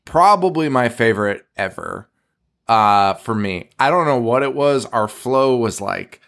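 A man's voice: medium pitch, expressive, a little slow, gravelly, a bit bright. A young man chats loosely as a podcast co-host. He swears freely and laughs often between thoughts. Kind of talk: casual podcast chat.

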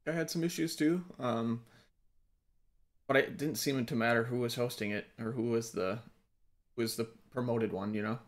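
A man's voice: mid-range voice, normal speed. A young man streaming a shooter game and chatting with his viewers and friends over a headset, rambling a little. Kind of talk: casual gaming chat.

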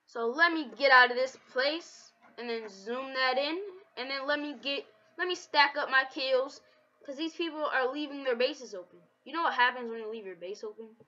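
Mom gaming with her kid, super bright playful voice, taunty, sounds a bit muffled lo-fi. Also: sits high, moderate pace. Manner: taunting, excitable, sing-song trash talk. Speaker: gameplay commentator. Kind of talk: playful game commentary. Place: home. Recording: dull lo-fi home recording.

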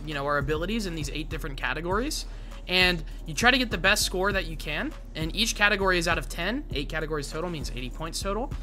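Bright-voiced excitable gamer guy. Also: high voice. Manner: excitable, casual gamer slang. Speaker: gaming content creator. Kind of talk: gameplay commentary.

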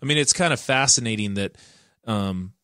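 A man's voice: fairly low pitch, lively intonation, moderate pace, sharp tone, clear, resonant tone, no room sound, studio quality. A man hosting a social work podcast, casual and joking, laughing often. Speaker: podcast host, social worker. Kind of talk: casual chat.

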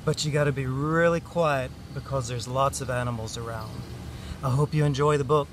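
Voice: medium pitch, steady tone, moderate pace, background noise. A channel host reading a children's picture book aloud in a friendly way, adding animal sounds.

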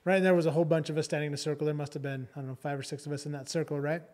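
A man's voice: on the high side, little pitch movement, very fast, a little mellow. A man co-hosting a podcast, telling a story in a chatty, casual way and often checking in with "right?". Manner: chatty, keeps adding "right?" and "like". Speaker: podcast co-host.

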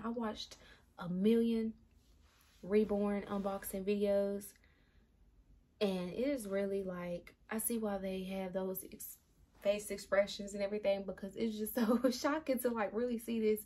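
A woman's voice: medium pitch, a little mellow. Awestruck woman whispering to viewers. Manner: breathy, often whispering, gasping and giggling; addresses viewers as "y'all". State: emotional, near tears. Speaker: vlogger. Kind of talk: excited unboxing vlog.

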